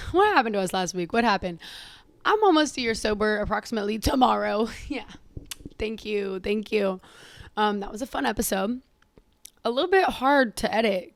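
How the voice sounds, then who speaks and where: A young woman hosting a casual solo podcast, sassy and profane, laughing often and calling her listeners girl and queen. She is tired and a little hoarse. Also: a little high, a bit bright, no room sound, clean studio sound. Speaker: podcast host.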